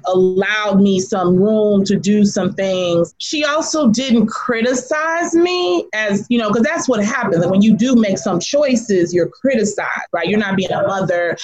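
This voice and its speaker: Lively storytelling woman, lo-fi sound. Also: mid-range voice. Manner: animated, laughing, storyteller. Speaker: guest, artist and teacher. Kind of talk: casual storytelling interview. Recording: dull lo-fi sound.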